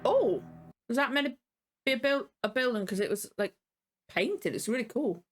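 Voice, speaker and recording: A woman's voice: fairly high pitch, expressive, moderate pace, slight background noise. A tired woman hosting a reaction video, rambling casually and apologizing often. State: tired and yawning.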